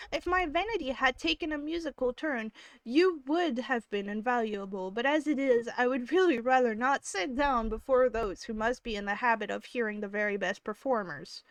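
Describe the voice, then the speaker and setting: A woman's voice: a little high, dry recording, close to an everyday voice. A woman voicing a spirited, teasing young lady. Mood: reluctant. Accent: put-on Southern US.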